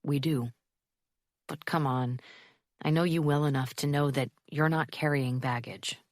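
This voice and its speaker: A woman voicing a charming, attentive young man who speaks softly and earnestly in an audiobook. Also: on the high side, steady tone, a little slow, no room sound, clean studio sound. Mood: intimate. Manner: soft and earnest.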